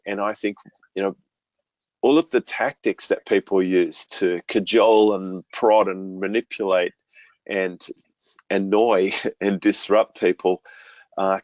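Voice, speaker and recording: Deep-voiced man, relaxed storyteller. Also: no echo, low-quality recording. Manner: relaxed, storytelling with homely analogies. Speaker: business coach guest. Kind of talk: conversational podcast interview.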